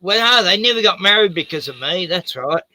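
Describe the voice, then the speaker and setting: A middle-aged man hosts a late-night stream in loose, rambling chat, full of restarts, swearing and laughter. His voice is very bright and a bit high, and it sounds dry and close, with no room around it. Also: lively intonation, a little fast, no echo, rough recording. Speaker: livestream host.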